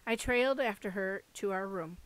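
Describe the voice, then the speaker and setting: A woman's voice: medium pitch, moderate pace, poor audio. A woman reading a first-person novel aloud, expressively voicing the dialogue. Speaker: audiobook reader. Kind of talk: first-person book narration.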